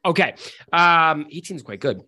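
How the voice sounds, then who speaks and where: A man's voice: a little high, expressive, moderate pace, pushed and bright, breathy edge. Game master, man, loose and jokey delivery. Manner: casual, joking narration. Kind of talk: narrating a tabletop game.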